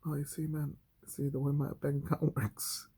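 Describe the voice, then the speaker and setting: Man mocking a pleading, excuse-making broke guy, raised pitch. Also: flat delivery, normal speed, dark tone, breathy edge. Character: man whining excuses about money.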